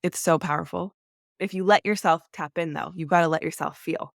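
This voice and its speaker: A woman's voice: sits low, fairly even intonation, fairly quick, gravelly, no room sound, studio quality. A woman speaking as a podcast guest, talking earnestly and emotionally about parenting, with lots of "like" fillers. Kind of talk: candid conversational interview.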